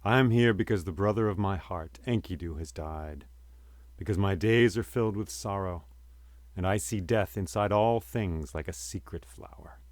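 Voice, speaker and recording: A man's voice: low-pitched, moderate pace, darkish tone, no echo, lightly acted. A man voicing a grieving hero king on a desperate quest, speaking in an earnest, sorrowful way.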